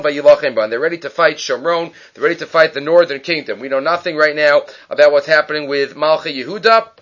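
A man's voice: a little high, pushed and bright. Casual man teaching scripture. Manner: conversational, retells with quoted voices, Hebrew terms. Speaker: Torah teacher. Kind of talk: casual Bible lesson. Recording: dull lo-fi audio.

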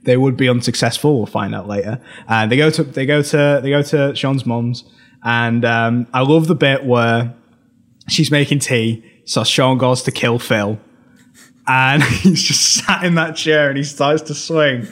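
A man's voice: mid-range voice, measured pace, a bit bright. A British man co-hosting a film podcast, recapping scenes in a rambling casual way, laughing often and restarting his sentences.

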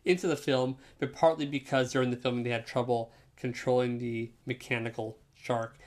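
A man co-hosting a casual podcast, his voice at an ordinary, middle pitch. He tells things in an easygoing, chatty way and drops swear words freely. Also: normal speed. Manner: relaxed storytelling, with casual swearing. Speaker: podcast co-host. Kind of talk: casual chat.

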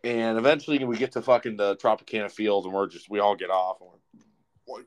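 Young male co-host, lower voice, swears freely, rambles through stories. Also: quick pace. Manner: profane, rambling, animated. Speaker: podcast co-host. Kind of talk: casual storytelling.

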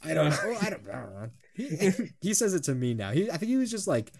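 A man's voice: on the high side, big pitch swings, fairly quick, vocal fry, crowd noise. A man in his twenties co-hosting a podcast, telling rambling stories with frequent laughter and casual swearing. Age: 20s. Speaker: podcast co-host. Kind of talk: casual chat.

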